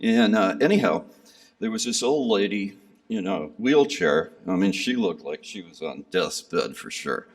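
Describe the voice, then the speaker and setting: A man's voice: low voice, animated, unhurried. A man casually recounting a pilgrimage to a gathering, rambling and self-deprecating with many fillers. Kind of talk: casual storytelling talk. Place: gathering hall. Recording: speaker somewhat far from the mic.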